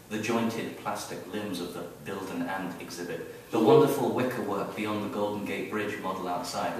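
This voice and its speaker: Deep-voiced man reading his story aloud. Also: a little hiss or hum. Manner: wry, expressive storytelling. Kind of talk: live literary reading. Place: event hall, heard from the audience area. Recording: very echoey hall, mic far off.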